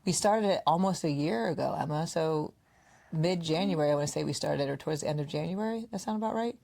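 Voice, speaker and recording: Woman podcast co-host, low voice, casual storytelling, mimics friends' lines. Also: fast talker, creaky. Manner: animated storyteller, acts out quoted friends. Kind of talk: casual conversational podcast chat.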